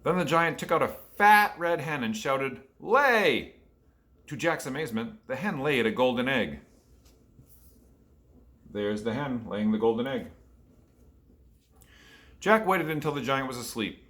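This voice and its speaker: Male storyteller reading a picture book to kids, bright and forceful. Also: medium pitch, lively intonation, a little slow, pauses often. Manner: asks children questions. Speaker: storyteller for children.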